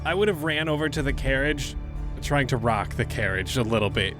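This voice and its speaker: A man playing in a tabletop game, playful and breaking into shouts in character. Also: medium pitch, lively intonation, a little fast, over music. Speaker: player.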